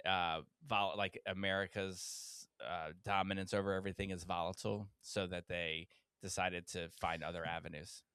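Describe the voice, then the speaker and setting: A man's voice: deep voice, level tone, moderate pace, a bit bright, clear, resonant tone, no room sound, clean studio sound. A man co-hosting a podcast, chatting casually and explaining things with lots of fillers and restarts. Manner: chatty, hesitant with many fillers when explaining. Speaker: podcast co-host. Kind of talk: casual chat.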